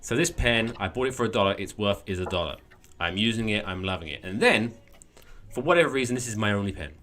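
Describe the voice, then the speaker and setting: A man co-hosting a podcast, talking in a rambling, animated, storytelling way. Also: fairly low pitch, quick pace. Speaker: podcast co-host. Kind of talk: casual chat.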